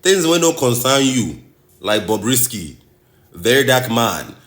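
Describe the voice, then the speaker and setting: A Nigerian man delivers a passionate commentary with a bright, forceful tone. His pitch swings widely as he repeats phrases and presses each point like a sermon. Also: sing-song, unhurried. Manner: impassioned, rhetorical, preachy, repeats phrases for emphasis. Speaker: host.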